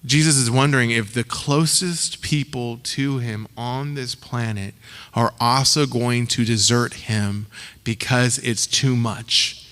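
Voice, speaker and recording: This pastor's voice is medium-pitched, bright, and forceful, carrying a long reverb through the church sanctuary. He keeps his sermon casual and slangy, performing the voices of anyone he quotes.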